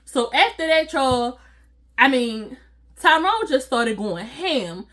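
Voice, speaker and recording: A woman telling a personal story to her viewers in a casual, animated, slangy way, often breaking into laughter. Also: high voice, takes it slowly. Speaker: storytime vlogger.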